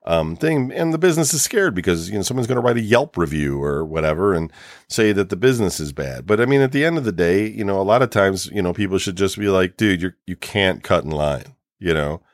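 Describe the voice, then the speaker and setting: A man's voice: low voice, animated, quick pace, dry recording, studio quality. A man co-hosting a podcast, ranting in casual chat and swearing freely. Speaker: podcast co-host.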